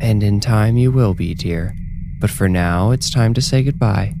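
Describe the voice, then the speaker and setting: A man doing a calm mystical fortune-teller woman. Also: lowish voice, gravelly, noisy background. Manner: soothing, measured, mystical.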